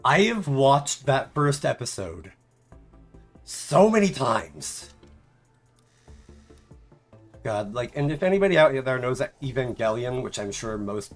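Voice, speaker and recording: A male streamer chats casually and wanders off on tangents, stuffing his sentences with fillers. His pitch swings widely from low mutters to high exclamations. Faint music plays underneath. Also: very animated, slow, pauses often. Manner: rambling, filler-heavy, tangents. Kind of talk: casual chat.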